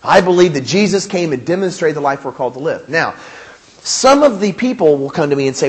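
A male pastor preaching a sermon, animated and emphatic, with humor and rhetorical questions. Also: a little high, normal speed.

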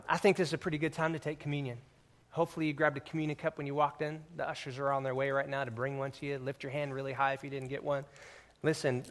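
In a slightly high voice, a pastor gives his congregation a sermon that is chatty and full of jokes. He moves from quiet asides to loud, emphatic declarations.

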